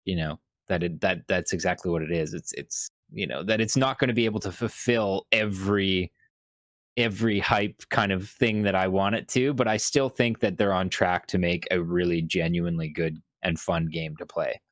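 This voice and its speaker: A man co-hosting a casual gaming podcast, talking in a thoughtful, measured way with many fillers. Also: low voice, steady tone, a bit bright, no echo. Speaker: podcast co-host. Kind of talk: casual chat.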